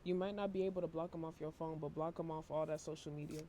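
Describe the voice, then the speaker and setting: A worn-out man giving a casual tarot reading to camera, talking in a flat, low-energy monotone and swearing casually. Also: fast, slight background noise. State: emotionally worn out. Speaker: tarot reader.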